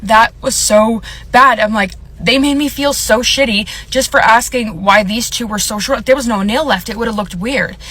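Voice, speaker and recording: A woman's voice: on the high side, normal speed, few pauses, a bit bright. A young woman telling a rambling storytime about a bad nail appointment, upset and close to tears, filling her talk with "like". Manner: rambling, filler-heavy, upset. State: on the verge of tears. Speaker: content creator. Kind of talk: storytime vlog.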